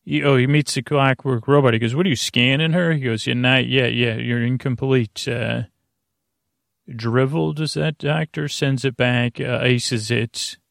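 A man's voice: medium pitch, fairly even intonation, creaky, dry recording, studio quality. A man recapping an episode in a casual, rambling way, full of fillers and restarts. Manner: halting, lots of "uh" fillers and restarts; quotes characters in a plain voice. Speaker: podcast host recapping an episode.

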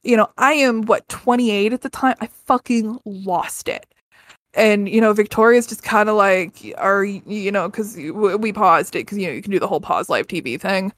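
A woman's voice: mid-range voice, normal speed, fairly bright tone, no room sound. Woman, 30s, podcast guest; candid, swears, lots of restarts; dry close sound. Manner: earnest and candid, swears freely, many restarts. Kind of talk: casual personal storytelling.

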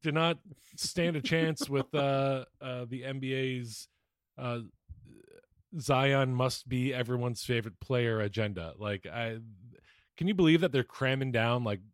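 Male co-host, mid-pitched, loose and rambling, recorded dry and close. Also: a little slow, clean tone, no echo. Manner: rambling, many uh fillers. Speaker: podcast co-host. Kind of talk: casual sports chat.

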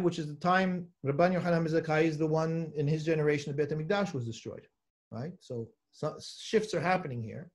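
High-voiced rabbi teaching a class. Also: male voice, lively intonation, fast talker, darkish tone. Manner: reads Hebrew texts aloud and explains, asking students questions. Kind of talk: live Torah class lecture. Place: study hall with students present.

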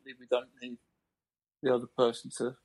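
A man's voice: mid-range voice, completely flat delivery, moderate pace, a little mellow, breathy edge, poor audio. A man who is an actor, a podcast guest chatting casually, often stammering and restarting his sentences.

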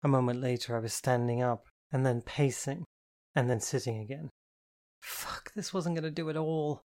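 A woman's voice: extremely low pitch, fairly even intonation, fairly quick, warm tone. A woman narrating a first-person novel in a wry, fretful manner. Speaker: audiobook narrator.

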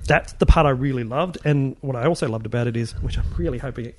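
A man's voice: medium pitch, fast, a crowd in the background. A middle-aged man, a guest in a casual interview, rambling with many restarts as he recalls his work. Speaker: guest, film puppet and props builder.

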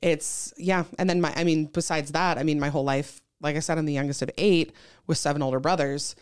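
A woman in her thirties, a podcast guest, telling stories in a chatty, animated way with lots of fillers. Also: deep voice, fairly quick, clear, resonant tone. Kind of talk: casual chat.

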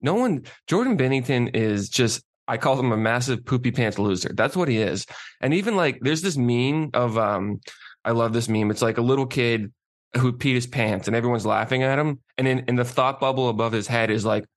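A man's voice: mid-range voice, a little fast. A man co-hosting a casual chat, ranting and emphatic. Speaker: podcast co-host.

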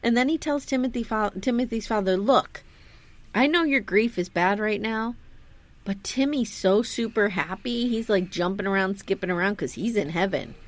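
With medium pitch and a moderate pace, this woman co-hosts a casual podcast and recaps a TV episode. She laughs, swears and acts out quotes in an animated way.

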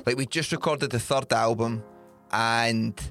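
A Scottish man hosting a podcast, telling an animated anecdote in casual chat and swearing freely. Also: mid-range voice, unhurried, soft background music. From Scotland. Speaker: podcast host.

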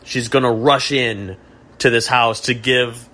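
A man's voice: mid-range voice, steady tone, a little slow, pushed and bright. A man hosting a casual comedy podcast, talking in a dry, mock-serious way with many restarts. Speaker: podcast host.

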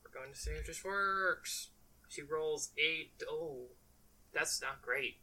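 A woman narrating a tabletop role-playing game as game master, playful and quick to laugh. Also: low-pitched, bright, forceful tone, low-quality recording. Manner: playful, laughs often, slips into quick character voices.

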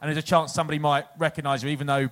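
English guy in his 40s, bit higher voice, rambling on stage, cracks himself up. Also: flat delivery, very fast, a bit bright. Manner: rambling anecdotes, laughs at own stories. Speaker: podcast co-host, former rugby player. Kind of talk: live comedic storytelling.

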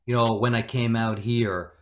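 A middle-aged Irish man telling stories in a relaxed interview, animated and given to acting out the people he quotes. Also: mid-range voice, moderate pace. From Ireland. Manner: animated, acts out quoted voices. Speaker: guest. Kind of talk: conversational storytelling.

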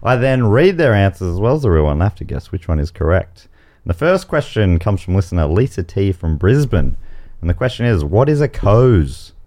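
An Australian man hosts a comedy quiz podcast. His pitch swings widely as he reads the questions and rules, and he slips in dry jokes. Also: big pitch swings, brisk, a little mellow. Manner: wry, jokey rule explanations with playful asides. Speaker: game show host.

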